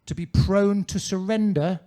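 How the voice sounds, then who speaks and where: A man's voice: high voice, unhurried, dark tone, slight background noise. A man performing a stand-up comedy set on a comedy club stage, in a pompous manner with ornate wording.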